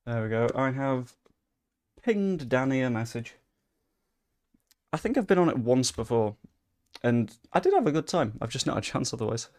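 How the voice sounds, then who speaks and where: A young man chatting casually while commentating his game, swearing and bursting out in excitement. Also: mid-range voice, normal speed, long pauses. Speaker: gaming streamer.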